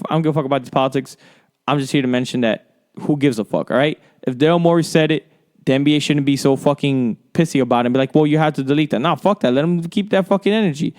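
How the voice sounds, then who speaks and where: Male sports podcast host, heated profane solo rant, smooth resonant voice. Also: medium pitch, a little mellow.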